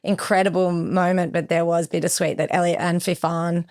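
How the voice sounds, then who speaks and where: Lower-voiced young woman telling a survival story. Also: little pitch movement, normal speed, darkish tone. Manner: vivid retelling with acted-out quotes. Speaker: podcast guest. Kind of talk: emotional personal storytelling.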